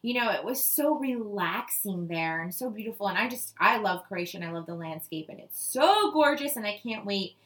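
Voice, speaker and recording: A woman's voice: mid-range voice, animated, a little fast, few pauses, fairly bright tone. Bubbly woman co-hosting a travel podcast. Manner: bubbly, laughs often, enthusiastic. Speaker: podcast co-host. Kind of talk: casual travel podcast chat.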